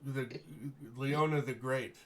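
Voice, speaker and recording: Noble baron, a man doing the voice, formal, measured, slow court speech. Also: mid-range voice, fairly even intonation, fairly bright tone. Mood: grateful, formal. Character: gracious noble male baron addressing heroes.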